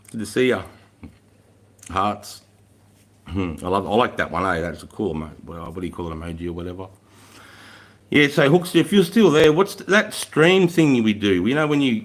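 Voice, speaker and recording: Australian man, casual live-stream chat, mid-pitched voice, rambling, easygoing, swears freely. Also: fairly bright tone. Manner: rambling, laid-back, swears freely, often laughs. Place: room at home with a fire going.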